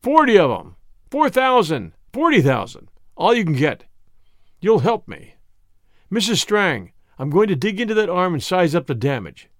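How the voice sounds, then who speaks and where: A man's voice: high voice, big pitch swings, normal speed, dry recording, studio quality. A man voicing a commanding, irascible male surgeon who barks orders. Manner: barking, forceful.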